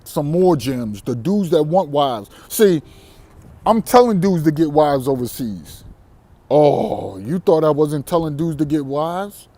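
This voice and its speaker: Brash, boastful man with a mellow voice. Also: fairly high pitch, big pitch swings, measured pace. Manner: boastful, defiant, profane, laughs often. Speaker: vlogger on dating abroad. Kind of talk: brash monologue to camera.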